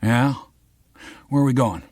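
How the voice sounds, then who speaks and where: A man's voice: medium pitch, a little slow, darkish tone, no room sound, clean studio sound, pitched above the performer's own voice, close to an everyday voice. Man doing a profane, irritable cop. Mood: gruff. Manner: crude, irritable. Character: blunt, profane male police detective.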